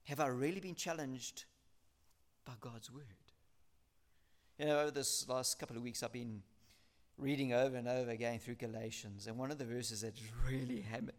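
A man preaching a sermon, earnest and emphatic, building points through repetition and reading scripture aloud slowly. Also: medium pitch, fairly even intonation.

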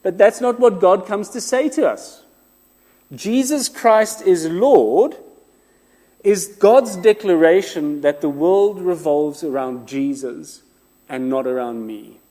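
A man preaching a sermon, with expressive rhetorical repetition and some self-deprecating humor. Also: high voice, slow pace. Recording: long reverb of a large room.

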